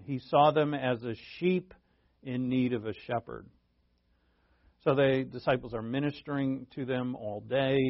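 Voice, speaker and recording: A man's voice: medium pitch, dry recording, highs cut off. A male preacher teaching a sermon verse by verse, in a conversational way that thinks aloud and asks rhetorical questions.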